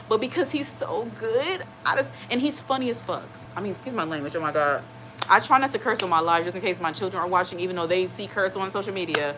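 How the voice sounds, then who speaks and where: A woman's voice: medium pitch, quick pace, over music, rough recording. A woman hosting a live stream in casual chat. She rambles, reads out viewer comments and reassures people, often checking in with "okay?". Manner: reassuring, keeps asking "okay?".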